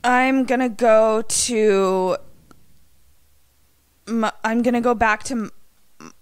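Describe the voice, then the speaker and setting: A woman's voice: fairly high pitch, slow, clear, resonant tone. A woman co-hosting a podcast, reacting to a story with jokes and swearing. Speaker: podcast co-host. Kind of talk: casual chat.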